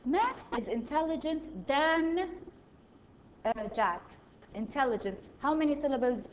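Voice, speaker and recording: A woman's voice: high voice, lively intonation, a little slow, a little hiss or hum, poor audio. A woman teaching a primary school English lesson, patiently reading out exercises and praising each answer. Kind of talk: online grammar lesson.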